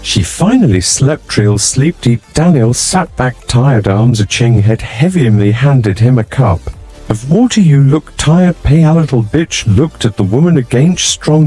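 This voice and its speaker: A man tells a story in short, clipped fragments. His voice is breathy and warm, and his pitch swings widely from phrase to phrase. Soft music plays faintly under the narration.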